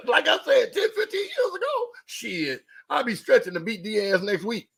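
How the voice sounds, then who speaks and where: A man's voice: very high-pitched, very animated, normal speed, creaky, a bit bright, husky. A man in his fifties co-hosting a podcast in casual chat, boisterous, laughing often and swearing. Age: 50s. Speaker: podcast co-host.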